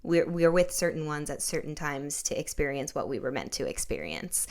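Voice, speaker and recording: A woman's voice: low-pitched, very animated, moderate pace, a little mellow. A young woman hosting a casual interview podcast, telling personal stories in a chatty way full of likes and you-knows. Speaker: podcast host.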